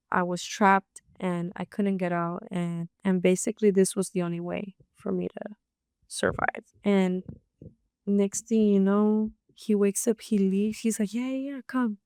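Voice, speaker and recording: A young woman, a podcast guest, telling a personal story in a rapid, animated way and filling her speech with "like". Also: mid-range voice, gravelly, dry recording, clean studio sound. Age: young adult. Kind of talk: casual storytelling.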